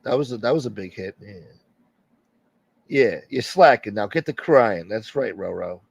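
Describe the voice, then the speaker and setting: A man's voice: fairly low pitch, animated, moderate pace, vocal fry, slightly rough, dry recording, muffled recording. A man hosting a casual live stream, joking and swearing as he greets viewers by name and asks for support. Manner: profane, joking, reading out viewer names. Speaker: livestream host.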